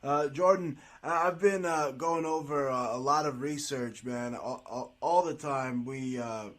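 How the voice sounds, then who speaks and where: A man's voice: medium pitch, a little slow, fairly bright tone. A man hosting an interview, talking eagerly with lots of restarts and stammers. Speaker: interview host. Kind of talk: conversational interview.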